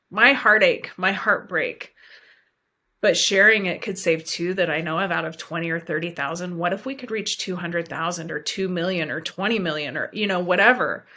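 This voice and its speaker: Woman, forties, lowish voice, bright clear tone, earnest heartfelt storytelling, podcast guest. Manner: earnest, heartfelt, speaks with conviction. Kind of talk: emotional personal storytelling.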